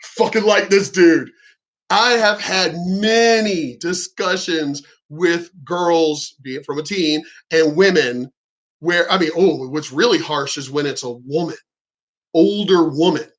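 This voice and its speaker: A man speaks in a casual reaction-commentary style, his voice sitting a bit high for a man. He is blunt and profane, telling his story in a frank, unpolished way. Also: slow pace, a bit bright, rough recording.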